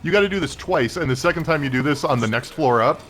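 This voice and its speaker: A man's voice: a little high, lively intonation, quick pace, fairly bright tone, slight background noise. A man co-hosting a casual chat over gameplay, opinionated and full of fillers. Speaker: podcast co-host.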